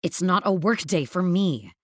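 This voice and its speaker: A woman's voice: fairly low pitch, animated, unhurried, no room sound. A woman voicing a hurt but defiant young female employee, her words choked and bitter, in an audiobook reading.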